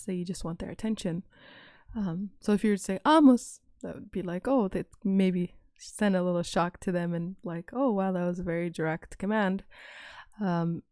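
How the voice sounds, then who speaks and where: A woman's voice: lowish voice, warm tone, no echo. Patient woman teaching phrases, dry sound. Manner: patient, repeats phrases slowly for learners. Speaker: language teacher. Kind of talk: recorded language lesson.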